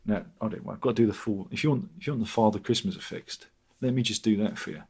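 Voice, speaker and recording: A man's voice: on the low side, fast, darkish tone, slightly rough. A man hosting a livestream, rambling sardonically while reading out chat comments. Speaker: livestream host.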